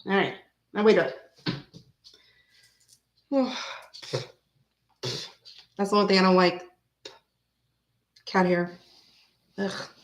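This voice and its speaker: A woman's voice: mid-range voice, steady tone, slow pace, long pauses. Woman just chatting away at home, rambly and loose, hums bits of old songs, coos at her cat. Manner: chatty and rambling, breaks into humming and singing song snippets; talks softly and affectionately to her cat. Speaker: tarot reader and channel host. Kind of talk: casual chat on a live reading.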